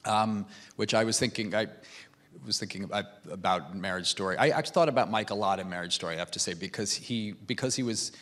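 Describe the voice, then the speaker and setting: Halting, low-voiced man on a panel. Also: a bit bright. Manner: halting, with many false starts and repeated words. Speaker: filmmaker guest on a panel. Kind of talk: conference panel conversation. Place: conference stage.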